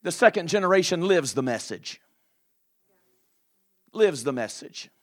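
A man preaching a sermon in a fiery manner, shouting drawn-out phrases with frequent filler uhs. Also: fairly high pitch, big pitch swings.

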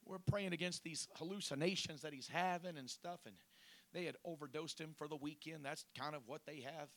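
Fervent Texan pastor telling a story. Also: male voice, a little high, fairly even intonation, a little fast. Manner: conversational storytelling, swelling to loud fervent prayer. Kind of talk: sermon testimony.

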